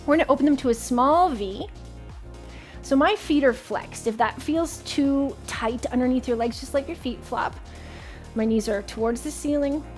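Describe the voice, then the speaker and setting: A woman's voice: a little high, darkish tone. A woman hosting a home workout show, guiding viewers through push-ups and stretches with encouragement, a little out of breath. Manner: encouraging, counting reps aloud with laughs. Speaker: fitness instructor and host. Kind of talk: guided home workout instruction.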